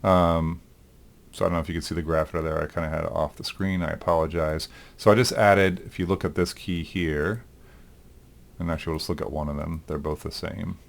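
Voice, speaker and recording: Man, animation teacher, very low voice, relaxed, thinks out loud, lots of ums. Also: brisk, creaky. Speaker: animation instructor. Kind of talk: recorded lecture demonstrating software.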